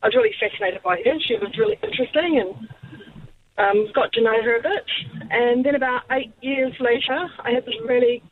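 A woman calling in to radio and telling a story with excitement. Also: on the high side, fairly quick, husky. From New Zealand. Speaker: caller. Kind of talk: phone-in storytelling. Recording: tinny phone line.

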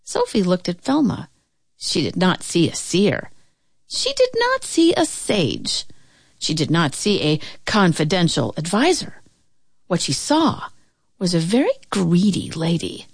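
Slow expressive woman storyteller. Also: on the low side, gravelly, slightly rough, dry recording. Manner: expressive, slow and sing-song. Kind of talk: reading a picture book aloud.

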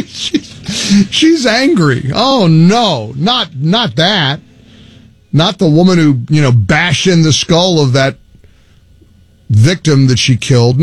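A man hosting a talk radio show, mocking a news story and then doing a lively live-read ad in a sarcastic, salesy way. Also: high-pitched, dry recording.

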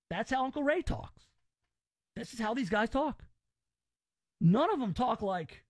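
High-voiced opinionated man. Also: big pitch swings, a little slow, long pauses, no room sound. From Southern US. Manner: opinionated and rambling. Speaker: podcast host. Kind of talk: casual chat.

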